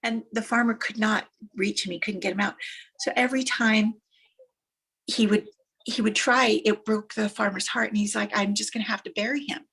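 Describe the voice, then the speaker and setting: A woman's voice: medium pitch, gravelly, breathy edge. A woman motivational speaker telling uplifting stories, emphatic and repetitive for effect. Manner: animated, emphatic, repeats phrases for effect. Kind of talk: motivational storytelling.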